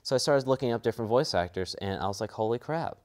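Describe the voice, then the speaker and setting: A young male voice actor talks casually in an interview, earnest and a bit rambling. His voice sits slightly low for a man. He restarts his thoughts as he goes. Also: rapid-fire, a little mellow. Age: young adult. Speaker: voice actor and student.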